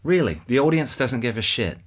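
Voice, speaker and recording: Man, New Zealand accent, guitar channel host, casual chat, mid-pitched, laughs a lot. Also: animated, fairly quick. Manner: chatty, laughs often, keeps asking "right?". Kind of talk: casual commentary on viewer comments.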